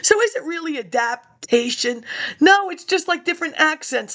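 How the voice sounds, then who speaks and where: A high-pitched woman talks casually to her viewers in a loose, rambling monologue. She skips from one thought to the next and chuckles at her own remarks. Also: expressive, a little slow, bright, forceful tone. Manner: chatty, jumps between topics, chuckles to herself.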